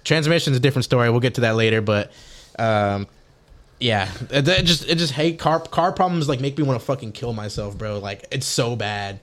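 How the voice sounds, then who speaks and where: A young man co-hosting a podcast, chatting casually and telling a rambling, animated story with lots of swearing. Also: medium pitch, brisk. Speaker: podcast co-host. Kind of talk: casual chat.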